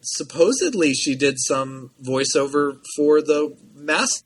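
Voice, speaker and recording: A man co-hosting a podcast in casual chat, animated and full of quick asides and restarts. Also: fairly high pitch, slightly rough. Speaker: podcast co-host.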